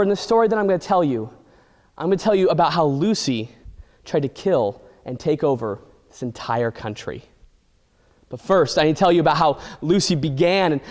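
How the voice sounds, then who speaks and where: A man telling an exaggerated comic story with animated, deadpan delivery. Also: fairly high pitch. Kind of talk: comedic storytelling. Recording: long hall reverb.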